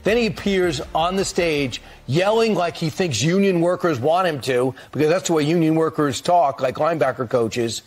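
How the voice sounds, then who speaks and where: A man's voice: a little high, normal speed, hardly any pauses. A man commenting on a television news panel in a mocking tone. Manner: mocking, acts out quoted lines.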